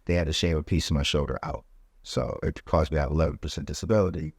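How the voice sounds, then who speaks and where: A man, a podcast guest, telling his story in a relaxed, casual way with many fillers, and growing animated as he relives the events. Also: quick pace, slightly rough, dry recording, clean studio sound. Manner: animated, rising pitch when reliving events.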